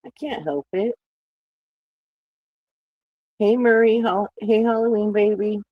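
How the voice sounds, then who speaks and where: A woman with a mid-range voice and moderate pace chats with her livestream viewers, welcoming them by name. The recording is dry, narrow, and tinny, and she laughs at her own sarcastic jokes.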